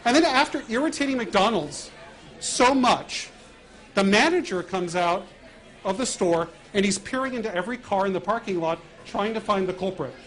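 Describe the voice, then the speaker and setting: A middle-aged American man telling stories in a lively way, acting out prank calls and laughing along. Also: high-pitched, moderate pace. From United States. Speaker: guest speaker. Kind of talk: storytelling talk.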